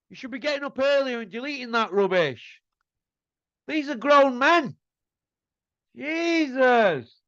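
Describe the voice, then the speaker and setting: A man rants in a blunt, scornful way, his voice sitting fairly high. The sound is dry and a little dull. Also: fairly bright tone, dry recording. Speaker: host. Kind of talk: casual ranting commentary.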